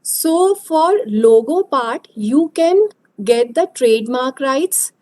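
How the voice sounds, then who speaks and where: A woman giving an online lecture over a video call, explaining slowly and hesitantly. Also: high-pitched, animated, darkish tone, low-quality recording.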